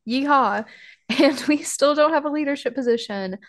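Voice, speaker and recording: A woman's voice: sits high, moderate pace. A young adult woman co-hosting a casual podcast, telling her own story with wry, self-mocking humor. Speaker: podcast co-host.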